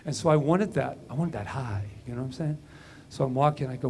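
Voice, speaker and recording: Male minister, conversational sermon, personal anecdotes, hushed asides, mid pitch. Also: fairly quick, gravelly, slight background noise. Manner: conversational and storytelling, drops to a hush when recounting inner moments.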